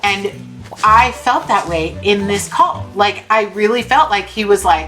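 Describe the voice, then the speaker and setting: At a measured pace and medium pitch, a young female streamer tells a casual, exasperated story during gameplay, now and then letting a swear word slip. The rough recording carries faint game music behind her.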